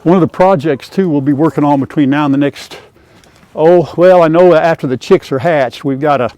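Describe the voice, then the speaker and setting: A man's voice: fairly high pitch, a little fast, mellow. An older man hosting a farm vlog outdoors by a chicken coop, chatting in a folksy way and talking to his chickens. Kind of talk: casual farm vlog chat. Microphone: lapel mic.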